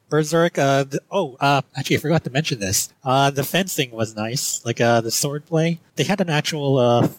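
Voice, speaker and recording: A man of ordinary pitch talks through his movie verdicts on a podcast. He wanders, pauses on fillers and doubles back to add points. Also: rough recording. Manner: rambling, hesitant with many fillers. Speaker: podcast co-host. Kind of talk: casual film review chat.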